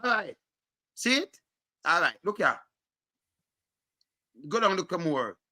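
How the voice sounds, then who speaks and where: A man with a Jamaican accent reading through documents and commenting, animated and emphatic in patois. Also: sits high, takes it slowly. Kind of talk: casual chat.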